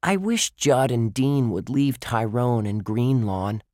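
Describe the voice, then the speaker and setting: A man's voice: medium pitch, slow pace, a little mellow, no echo, studio quality, pitched above the performer's own voice, close to an everyday voice. A man voicing an earnest young boy detective who reasons things out aloud.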